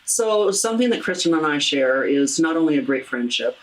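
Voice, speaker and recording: Deep-voiced woman hosting an earnest talk. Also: expressive, low-quality recording. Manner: earnest, halting, with many restarts. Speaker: talk show host. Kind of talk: heartfelt interview about grief.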